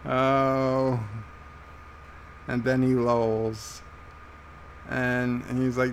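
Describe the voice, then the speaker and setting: An American man hosting a casual live stream, reading chat messages aloud in an amused, halting way. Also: mid-range voice, completely flat delivery, a little hiss or hum. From United States. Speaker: livestream host reading chat.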